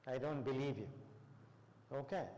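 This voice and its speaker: A man's voice: medium pitch, measured pace, dark tone. A man with an Indian English accent giving a classroom lecture on counselling, quizzing the students and acting out quotes. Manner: asks the class questions and acts out quotes. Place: college classroom. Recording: long hall reverb.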